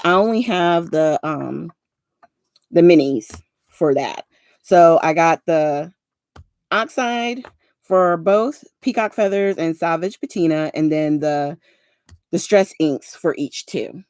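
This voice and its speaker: A woman in her forties with a New Jersey accent that slips into a Southern twang, hosting a relaxed craft stream. She talks slowly and loosely, full of ums and asides, in a slightly low voice. The sound is dry and close. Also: no room sound. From South Jersey, USA. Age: 40s. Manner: rambling, chatty, with many fillers and frequent laughs. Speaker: craft livestream host. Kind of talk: casual craft livestream chat.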